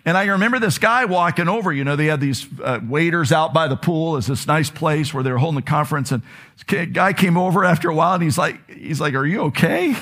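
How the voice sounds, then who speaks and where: A man's voice: a little high, quick pace, a bit bright. Earnest male pastor preaching. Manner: earnest, confessional storytelling. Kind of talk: sermon.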